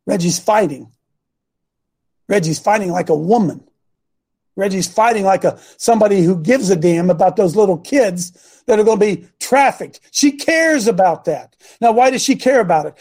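A man's voice: high voice, expressive, normal speed, darkish tone, slightly rough. A man preaching informally to a congregation, blunt and combative, mocking his critics and throwing asides to the room.

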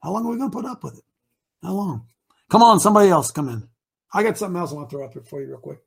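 Male talk host, high husky voice, rousing preacher-like delivery. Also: expressive, rapid-fire. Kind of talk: fiery live talk show.

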